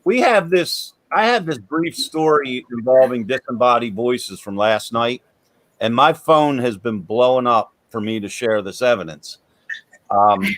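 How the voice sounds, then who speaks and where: A man's voice: mid-range voice, a bit bright, no echo. A man hosting a paranormal podcast, talking casually and restarting his sentences often. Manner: chatty, repeats words when starting sentences. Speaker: podcast host. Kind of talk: casual chat.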